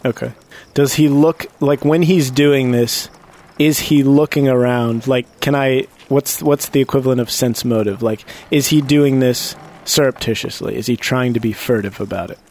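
Male player, mid-pitched, chatty, quick to laugh, casual table talk. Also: steady tone, darkish tone. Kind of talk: casual tabletop game chat.

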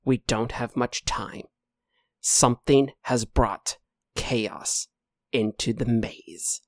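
A man voicing a mysterious armored knight in a tabletop game, speaking slowly and in a hush. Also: mid-range voice, fairly even intonation, dry recording, studio quality, close to an everyday voice. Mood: urgent hush. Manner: slow, hushed, drawn-out delivery.

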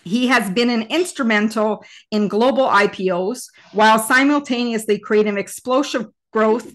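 A woman hosting an interview podcast, introducing her guest in measured list-like phrases and asking questions. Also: a little high, a bit bright. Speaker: podcast host.

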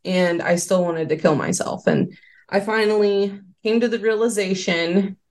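A former quality control worker, guesting on an interview podcast, earnestly recounts a personal story in casual testimony full of fillers. Her medium-pitched voice is expressive, unhurried and somewhat dark in tone.

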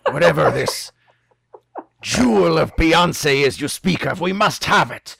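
A brash pirate captain growls out his orders in old sea-dog talk, a touch higher and louder than the plain voice behind him, as a man puts him on. He sounds greedy and sure of himself, ready to seize any treasure in a tabletop adventure. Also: expressive, a little slow, gravelly, breathy edge, no room sound, full character voice. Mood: bold. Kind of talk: tabletop role-play over a remote call.

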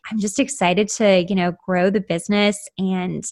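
A woman guest, a writer and life coach, talking in a casual interview with lively storytelling and a slightly rough voice today. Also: mid-range voice, moderate pace. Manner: animated storytelling with quoted inner voices.

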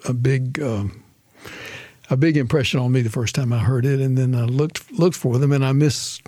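A man's voice: mid-range voice, moderate pace, warm tone, breathy edge, dry recording, studio quality. A man hosting a radio interview show, speaking hesitantly with frequent restarts. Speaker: radio talk show host. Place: radio studio.

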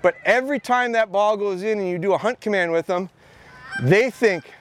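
A man who is a dog trainer giving an energetic, repetitive talk at a live training seminar outdoors. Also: sits high, moderate pace, a little hiss or hum. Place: outdoor expo training area.

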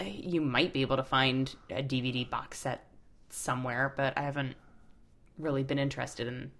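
A woman's voice: rumbling low, fairly even intonation, normal speed, a bit bright. A woman in her thirties co-hosting a podcast, chatting playfully and laughing often. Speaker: podcast co-host. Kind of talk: casual chat.

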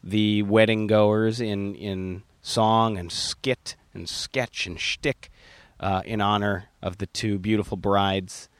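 A man's voice: fairly low pitch, fairly even intonation, takes it slowly, few pauses, smooth, dry recording. A man hosting a casual interview in an artist studio, earnest and affectionate. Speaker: podcast host.

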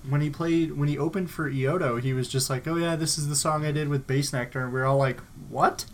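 A man's voice: on the high side, steady tone, fairly quick, a little hiss or hum. A man in casual chat, mostly answering with brief, laid-back replies. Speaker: friend listening.

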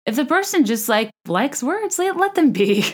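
A woman's voice: high-pitched, big pitch swings, normal speed. Chatty, self-deprecating young woman podcaster. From American South. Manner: chatty, self-deprecating, rambling with restarts and laughs. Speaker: podcast host. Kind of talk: casual solo podcast monologue.

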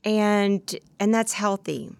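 A woman's voice: mid-range voice, steady tone, slow pace, creaky, no echo. A woman co-hosting a podcast, chatting casually and telling stories with quoted dialogue. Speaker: podcast co-host. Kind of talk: casual chat.

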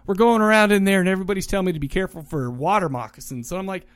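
A man's voice: high-pitched, very fast, smooth, dry recording. A man hosting a podcast, chatting casually and joking, often laughing. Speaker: podcast host. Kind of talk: casual chat.

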